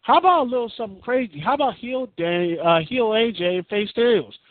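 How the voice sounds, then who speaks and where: A man's voice: very high voice, lively intonation, fairly quick, no room sound. A man hosting his own podcast, giving casual, rambling, opinionated commentary that keeps circling back on his points. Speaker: podcast host. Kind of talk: casual solo wrestling commentary. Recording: dry, tinny phone-like line.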